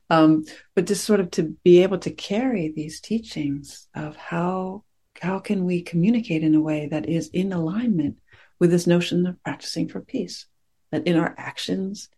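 A woman meditation teacher speaks to her class in a gentle, reflective way, pausing often to find her words. Her voice is warm and mellow, with a gravelly edge and a husky, breathy grain. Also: low-pitched. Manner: gentle, reflective, searching for words with many pauses. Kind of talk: dharma talk to a class.

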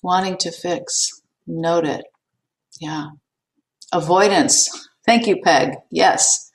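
A woman meditation teacher giving a gentle, unhurried talk to an online class, with frequent fillers and repeats. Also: lowish voice, slight background noise. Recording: voice distant from the mic.

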